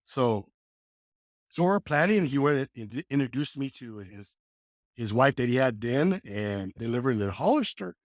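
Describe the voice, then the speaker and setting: A man in his sixties tells his story with swinging, expressive intonation, jumping up in pitch whenever he voices someone else. His voice sits in a middle register and the recording is close and dry, with no room sound. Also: moderate pace, no room sound. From California. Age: 60s. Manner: animated, acts out quoted dialogue with lively pitch jumps. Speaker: podcast guest. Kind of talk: conversational storytelling.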